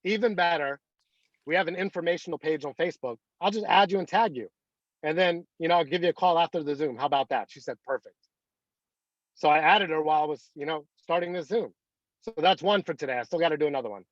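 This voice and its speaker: A man's voice: on the high side, fast talker, no room sound, lo-fi sound. Rambling man leading a team call. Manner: rambling, anecdotal, many fillers. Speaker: team leader. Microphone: video call.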